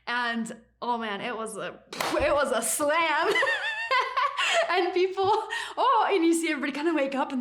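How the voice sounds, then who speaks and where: A woman co-hosting a podcast with her husband, telling stories in a giggly, animated and emotional way. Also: high-pitched, normal speed, slight background noise. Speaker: podcast co-host, pilot's wife. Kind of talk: casual conversational storytelling.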